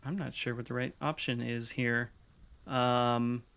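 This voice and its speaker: A man's voice: medium pitch, little pitch movement, measured pace, vocal fry, fairly bright tone, clean tone. A man giving casual, hesitant gameplay commentary, thinking aloud as he streams.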